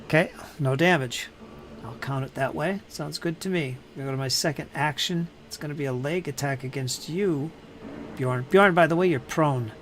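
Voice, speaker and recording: Man, game master, tabletop narration, somewhat high pitch, faint background noise. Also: normal speed.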